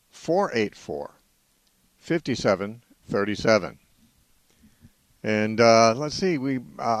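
A man hosts a call-in radio show from a studio microphone, with a lowish voice and a close, dry sound. He rambles a little and hesitates often, filling gaps with "uh.". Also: dry recording. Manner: rambling, hesitant, many uhs. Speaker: radio host.

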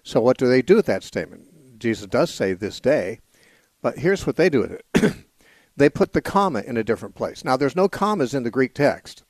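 Measured male radio Bible teacher, dry studio sound. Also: medium pitch, sing-song, darkish tone, no echo. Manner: measured, explanatory, with frequent "uh" pauses. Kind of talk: unscripted call-in radio teaching. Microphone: studio microphone.

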